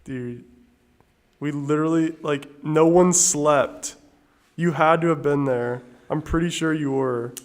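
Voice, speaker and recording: A man's voice: fairly high pitch, a little slow. A man in his twenties, a podcast guest who talks eagerly about old memories and giggles often. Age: 20s. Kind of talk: casual chat.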